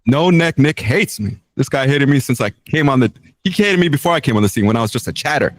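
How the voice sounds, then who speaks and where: A man's voice: medium pitch, lively intonation, fast, no echo. A man guesting on a podcast, laid-back and self-mocking, laughing at himself as he talks. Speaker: podcast guest, beginner stand-up comic. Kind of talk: casual podcast banter.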